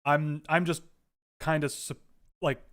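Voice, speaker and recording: A man hosting a casual livestream from home, giving rambling, animated commentary with frequent restarts. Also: fairly high pitch, slow pace. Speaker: livestream host.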